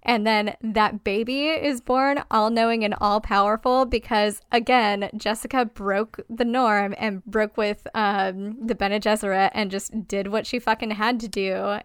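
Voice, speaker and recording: A woman's voice: mid-range voice, smooth, no room sound, clean studio sound. An enthusiastic woman chatting about films, emphatic and swearing casually.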